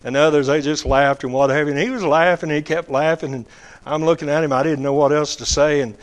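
A man giving a testimony sermon, telling his story in a folksy way with drawn-out emphasis. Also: on the high side, steady tone. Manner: quotes others in acted voices. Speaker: lay preacher giving testimony.

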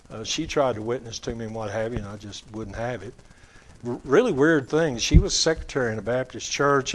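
Male lay preacher, folksy testimony, mid pitch, drawn-out emphasis. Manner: quotes others in acted voices. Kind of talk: testimony sermon.

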